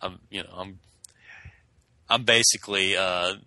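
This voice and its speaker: A man's voice: low-pitched, fairly even intonation, measured pace, sharp tone, no echo, low-quality recording. A man with a Southern US accent, co-hosting a podcast in casual chat, joking and taking his time to get to the point. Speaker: podcast co-host.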